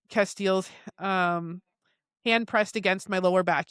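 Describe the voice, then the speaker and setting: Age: adult. Sex: woman. Role: book podcast host. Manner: reads quotes aloud, stumbling and correcting herself, with loud high outbursts. Sound: dry, close. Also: steady tone, normal speed, no echo. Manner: bursts into loud, high reactions while reading. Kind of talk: casual book discussion, reading passages aloud.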